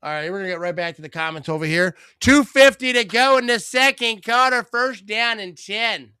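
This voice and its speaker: A man hosts a live stream of a football game, rambling, cracking jokes and shouting out viewers by name. His voice is fairly high and sharp. He is close to a dry mic with no room sound. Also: normal speed, clear, resonant tone, dry recording. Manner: rambling, joking, reads viewer comments aloud; bursts into excited play-by-play on big plays. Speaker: host of a live game watch party. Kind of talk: casual live-stream commentary and chat.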